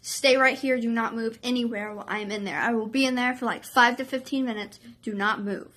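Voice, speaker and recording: Woman doing a scheming girl barking clipped orders, pitched up. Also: steady tone, a little fast, fairly bright tone, natural voice. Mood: bossy.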